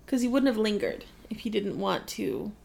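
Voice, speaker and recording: A woman's voice: medium pitch, sing-song, vocal fry, darkish tone. A woman chatting casually while watching a film with a friend, sarcastic and giggly. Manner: sarcastic, giggly, quick comebacks. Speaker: co-host reacting to a film. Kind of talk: casual watch-along chat.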